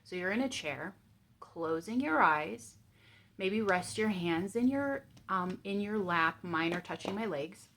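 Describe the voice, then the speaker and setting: A woman vlogger telling a personal story and then guiding a calming exercise, speaking in a candid, gentle way with frequent ums. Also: mid-range voice, unhurried. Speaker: vlogger sharing coping tips.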